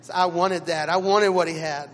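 A man, a pastor, preaching a sermon and telling stories dramatically, with sudden swings between quiet and loud. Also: a little high, fairly even intonation, normal speed, in a large hall. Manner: dramatic storytelling with big swings in loudness. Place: church sanctuary.

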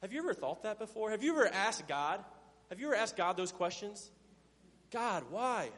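A man preaching a sermon as pastor. He swings from loud emphasis to hushed, low tones and acts out Bible characters' lines in playful voices. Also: big pitch swings, quick pace, long reverb tail.

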